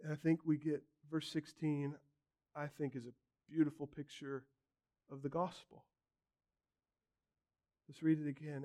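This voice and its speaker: A man's voice: fairly high pitch, steady tone, moderate pace, long pauses, dark tone. A man preaching a sermon as a pastor, emphatic, building his points through repeated phrases.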